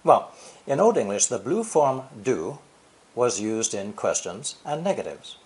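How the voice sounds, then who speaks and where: An older male teacher talks through a prepared lesson at a measured, deliberate pace. His pitch sits in a middle register but rises and falls broadly as he leans on key words. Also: very animated, a little mellow. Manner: deliberate, stressing key words with sweeping intonation. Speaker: English teacher. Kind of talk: scripted explanatory lesson.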